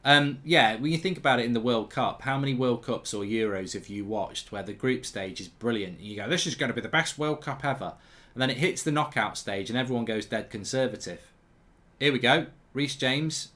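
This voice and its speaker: A man's voice: medium pitch, brisk, a bit bright. A man hosting a live football watchalong, chatting and answering viewer questions. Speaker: host.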